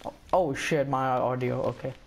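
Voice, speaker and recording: A man's voice: medium pitch, steady tone, moderate pace, creaky, a crowd in the background. A young man chatting casually over a headset while gaming, teasing and cursing at his opponent. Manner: teasing trash talk, cursing. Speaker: gamer.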